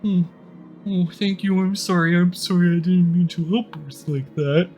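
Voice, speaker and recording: A man's voice: high voice, level tone, normal speed, darkish tone, soft background music, pitched above the performer's own voice, lightly acted. A man voicing a timid, anxious male minotaur who stammers nervously in a tabletop game. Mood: apologetic.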